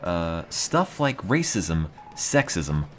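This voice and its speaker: A man streaming casually, reading aloud with a dry, deadpan, self-mocking monotone. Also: sits low, slow pace, a little hiss or hum. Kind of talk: casual live-stream chat.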